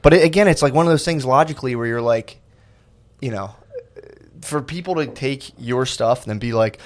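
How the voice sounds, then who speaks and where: A man's voice: medium pitch, fairly quick. A man talking as a podcast guest in casual chat, rambling and self-deprecating, calling himself sensitive.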